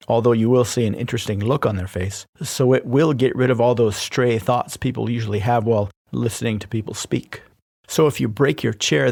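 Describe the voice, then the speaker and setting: Gravelly man reading a lesson. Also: mid-range voice, a little mellow, no echo, clean studio sound. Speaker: podcast host teaching persuasion. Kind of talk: scripted instructional narration.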